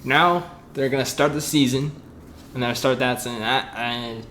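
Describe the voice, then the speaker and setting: A young man hosting a casual podcast chat, rambling and excitable, full of fillers and restarts. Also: medium pitch, normal speed, slight background noise. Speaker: podcast host.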